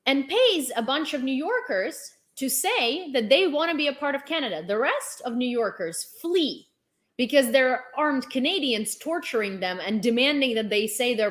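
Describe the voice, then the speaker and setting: Exasperated high-voiced woman ranting. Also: fairly bright tone. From Ukraine. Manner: exasperated, sarcastic, swears, fires rhetorical questions. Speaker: vlogger. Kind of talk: heated commentary rant.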